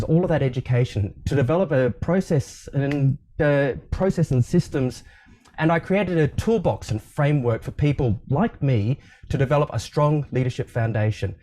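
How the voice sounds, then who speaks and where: An Australian man with a mellow, warm-leaning tone speaks as a guest in a casual interview. He tells his stories at an easy pace, pausing with ums and restarting his sentences, and sounds like he is on a video call. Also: mid-range voice, slight background noise. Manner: relaxed, storytelling, with frequent ums and restarts. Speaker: leadership coach, guest.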